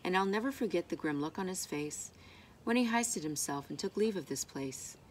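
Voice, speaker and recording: A woman reading a rhyming picture book aloud in an expressive, rhythmic way. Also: fairly low pitch, moderate pace, a little hiss or hum. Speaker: storybook reader.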